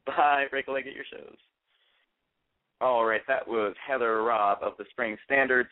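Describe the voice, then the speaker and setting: A man's voice: mid-range voice, steady tone, measured pace, dry recording. A man hosts a radio talk show in a loose, playful way, joking with his guest and running through announcements. His voice is thin and phone-like. It is dry, with no room sound. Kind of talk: casual radio hosting. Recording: tinny phone-like line, dry.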